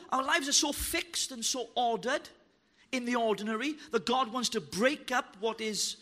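A man preaching a sermon, fervent and joking, building to shouted declarations. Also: very high voice. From Wales. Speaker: pastor. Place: church hall.

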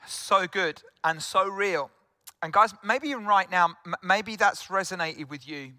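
A man's voice: high-pitched, unhurried, bright, forceful tone, no room sound. A middle-aged man from South Wales, a pastor preaching earnestly to an online congregation, speaking directly to listeners and repeating phrases for emphasis.

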